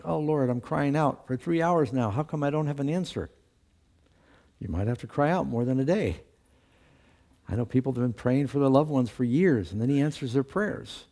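A man's voice: mid-range voice, mellow. A man teaching a Bible study lesson to a class, reading scripture aloud with lifted emphasis and posing questions that he then answers himself.

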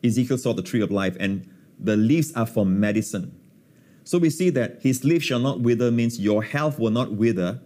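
A man's voice: mid-range voice, lively intonation, moderate pace, dark tone. A man teaching scripture as a guest on a talk show, emphatic and fond of repeating key words, with frequent fillers. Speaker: pastor and guest.

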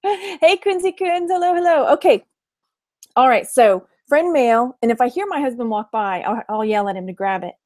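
A woman's voice: a little high, moderate pace, darkish tone, no room sound. A woman in her forties, hosting a casual weekly livestream and chatting with viewers by name. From Texas. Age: 40s. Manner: chatty, greets viewers by name, frequent laughs. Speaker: livestream host.

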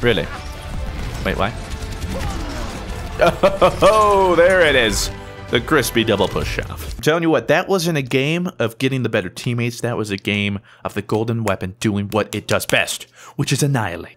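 A young man talks through his gameplay in a playful, excitable way. His pitch jumps all over the place, from low mock-serious asides to sudden high yelps. Faint game music plays softly behind him. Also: moderate pace. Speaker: gaming YouTuber. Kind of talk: casual gameplay commentary.

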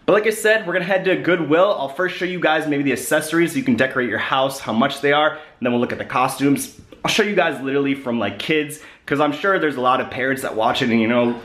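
Young man, casual vlogger, rambling, filler-heavy, hiccups, middle pitch. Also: fast, fairly bright tone. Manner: rambling, lots of "like" and "kinda". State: has the hiccups. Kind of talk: casual vlog chat to camera.

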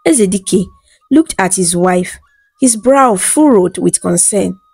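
A woman narrating a bedtime folktale in a smooth, even storytelling read. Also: mid-range voice, slow pace, no echo.

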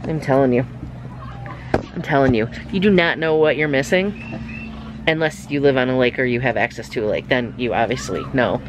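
A woman's voice: very deep voice, normal speed, noisy background. A woman hosting a casual vlog outdoors at a lakeside cabin, chatty and playful as she talks straight to her viewers. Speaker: vlog host.

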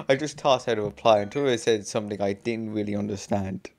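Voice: medium pitch, expressive, a little fast. A young adult gamer casually reading a visual novel aloud, chatting between lines, laughing often and swearing under their breath. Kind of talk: casual let's-play with read-aloud game text.

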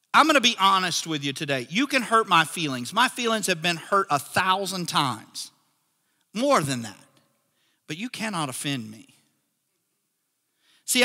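Pastor guy preaching, high voice, super bright, lots of hall echo. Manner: animated storytelling, acts out characters in dialogue. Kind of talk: sermon.

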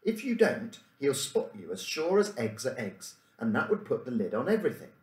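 A knowing schoolboy full of tips, as a man reads him. The delivery is lively, and the room gives it an echo. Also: mid-range voice, normal speed, lightly acted.

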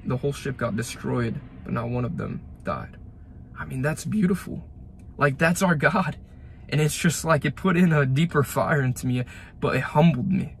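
A man's voice: medium pitch, slight background noise. A young man in his late teens gives an emotional spoken testimony, retelling events fervently with repeated phrases and restarts, outdoors by a roadside ditch. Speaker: young Christian giving a testimony.

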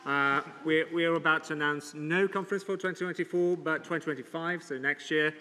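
Brief: man, slightly high and bright, upbeat casual announcement, long hall reverb. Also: steady tone, brisk. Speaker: conference organizer. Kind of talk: lightning talk announcement. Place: large conference hall.

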